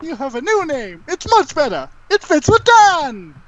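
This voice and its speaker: Bouncy high-pitched digital wizard creature, put on by the game master; shrill, childish, lo-fi. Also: big pitch swings, measured pace, a bit bright, heavily acted. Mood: bossy cheerful. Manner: shrill, gleeful, renames everyone.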